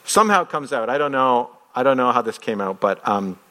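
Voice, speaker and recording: A man preaching in a relaxed, talkative way, pausing on fillers and firing off rhetorical questions as he tells stories. His voice sits at an ordinary middle pitch. It sounds like a pastor chatting with his congregation more than lecturing. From outside the United States. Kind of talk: conversational sermon.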